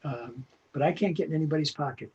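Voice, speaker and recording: An older man with a husky, slightly higher voice talks bluntly and emphatically, hammering home practical advice. The audio is dull and lo-fi, as from a video call. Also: fast talker, a little mellow. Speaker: veteran voice actor guest. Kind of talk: interview over video call.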